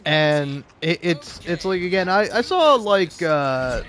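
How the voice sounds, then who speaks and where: A man's voice: a little high, expressive, takes it slowly, a bit bright, faint music behind. A young adult man ranting casually while gaming, profane and rambling, laughing often and restarting his sentences. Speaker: gaming video creator. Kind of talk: casual rant while playing a game.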